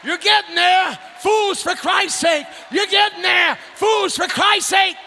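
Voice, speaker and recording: A man preaching a fiery revival sermon, shouting and whooping in a folksy, rousing way. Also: very high voice, slow pace, vocal fry, some chatter behind, slight background noise. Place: church sanctuary.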